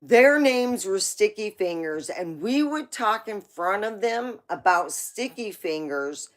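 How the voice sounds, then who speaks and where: A woman's voice: mid-range voice, lively intonation, takes it slowly. A woman hosting a livestream, telling rambling family stories in a casual way, laughing often and swearing now and then. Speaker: livestream host. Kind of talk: casual storytelling.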